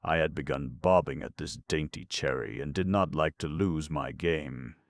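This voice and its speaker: A man narrates a classic novel in measured, expressive storytelling. His voice sits extremely low with a gravelly edge. The recording is close and dry. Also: no echo. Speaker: audiobook narrator.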